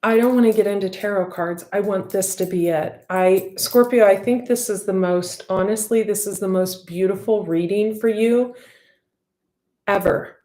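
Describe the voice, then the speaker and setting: In an echoey room, a woman of medium pitch and dark tone offers a casual intuitive tarot reading to viewers at a moderate pace. She speaks from the heart, wandering and using many fillers.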